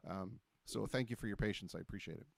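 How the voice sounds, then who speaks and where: A man's voice: fairly low pitch, gravelly, no room sound. Man, host voice, casual chat, joking, stumbling restarts, dry studio mic. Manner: chatty storyteller, quick and jokey with many restarts. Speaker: talk show host.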